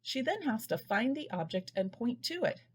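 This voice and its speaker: A woman giving a scripted lesson to parents, patiently sounding out words slowly. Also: a little high, big pitch swings, husky. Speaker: early reading instructor. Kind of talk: scripted instructional narration.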